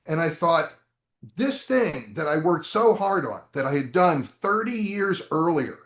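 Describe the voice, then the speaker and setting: Chatty guy rambling through a story, slightly high voice, echoey room. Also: unhurried. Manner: animated, chatty, rambling asides. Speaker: interview guest, game designer. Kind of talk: storytelling interview answers. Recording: roomy echo.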